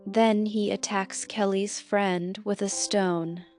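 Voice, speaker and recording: A woman reading a scripted film recap narration in a slow, measured way, walking through plot events and quoted lines. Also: mid-range voice, fairly even intonation, darkish tone, soft background music.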